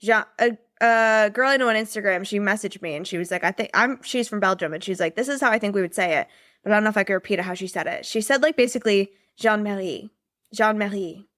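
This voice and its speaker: A woman's voice: mid-range voice, fast, fairly bright tone, dry recording, studio quality. A young woman chatting casually and rambling about a trip, with lots of fillers and laughter. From United States. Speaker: podcast host and business mentor. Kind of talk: casual chat.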